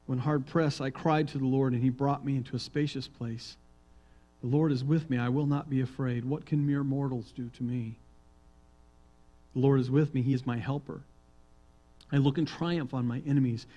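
A male pastor preaching a sermon, reading psalms aloud and swinging between hushed, quiet reading and loud, emphatic proclaiming. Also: medium pitch, fairly even intonation, moderate pace, rough recording.

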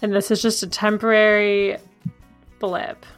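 A woman co-hosting a podcast, joking around in relaxed casual chat with friends. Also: mid-range voice, unhurried, clear, resonant tone, faint music behind. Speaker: podcast co-host.

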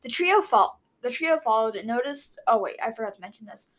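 A woman's voice: on the high side, animated, fairly quick, fairly bright tone, rough recording. Chatty woman recapping with a casual ramble. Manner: chatty, lots of "like" and restarts. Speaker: co-host recapping a book. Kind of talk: casual chat.

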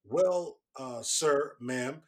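A man's voice: mid-range voice, extremely slow. Guy co-host, mid voice, earnest and preachy about dating. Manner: earnest, lecturing advice. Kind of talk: casual chat.

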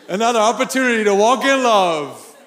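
A pastor preaching a sermon, animated, laughing and shouting for emphasis. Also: male voice, high-pitched, long reverb tail.

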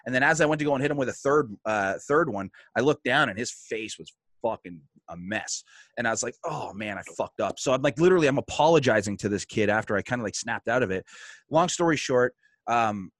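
A man hosting a podcast, telling a story in casual chat with animated delivery and plenty of swearing. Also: mid-range voice, quick pace, dry recording, studio quality. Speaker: podcast host.

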